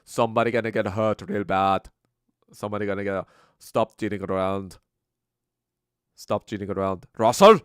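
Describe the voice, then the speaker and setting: A man putting on an exaggerated Indian accent as a comic scolding character, loud and jokey. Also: lowish voice, fairly even intonation, normal speed, pauses often, smooth, no echo, clean studio sound, close to an everyday voice. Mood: mock scolding.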